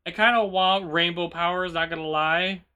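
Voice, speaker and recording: A man's voice: high-pitched, fairly even intonation, normal speed, pushed and bright, clear, resonant tone. A man streaming a game live and chatting with viewers, with playful, mock-indignant protests and stammering repetitions. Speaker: VTuber streamer. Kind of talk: live gaming stream chat.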